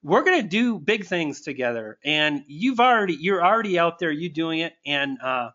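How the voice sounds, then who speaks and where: Effusive high-voiced man on a dull stream. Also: big pitch swings, normal speed, bright, forceful tone. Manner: effusive and thankful, stumbling restarts. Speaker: online marketing coach. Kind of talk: live webinar Q&A, reading viewer comments.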